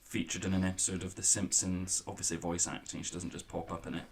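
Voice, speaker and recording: A man's voice: low-pitched, completely flat delivery, fast. A man hosting a podcast in casual chat, playful and enthusiastic, stretching words for emphasis. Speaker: podcast host.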